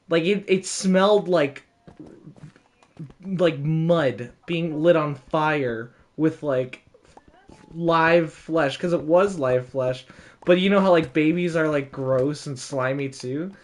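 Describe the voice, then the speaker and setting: A young man casually telling a story, animated, with frequent laughs and lots of fillers. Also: fairly high pitch, slow pace.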